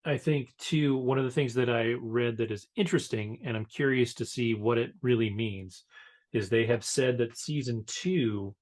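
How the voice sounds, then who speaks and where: A man's voice: mid-range voice, moderate pace, darkish tone. A man co-hosting a podcast in casual chat, hesitant with many fillers. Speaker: podcast co-host.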